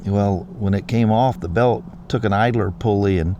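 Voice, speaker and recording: A man's voice: on the low side, moderate pace, dark tone, slight background noise. A middle-aged man hosting a vlog, telling stories in a rambling, easygoing way with plenty of restarts. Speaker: vlog host. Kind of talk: casual chat.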